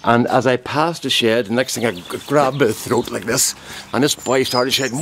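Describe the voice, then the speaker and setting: A man tells a comic tale straight to a handheld camera in a mock-serious, deadpan way. His voice sits at an ordinary middle pitch. He is recorded outdoors in a garden, with birds chirping and a faint noise behind him. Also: normal speed. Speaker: vlogger. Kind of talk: casual comic storytelling to camera.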